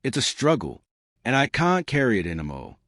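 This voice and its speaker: A man voicing a tired, distant husband in an audio story, speaking flatly and firmly. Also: medium pitch, a little fast, no room sound, clean studio sound. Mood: cold, tired. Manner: flat, cold, firm.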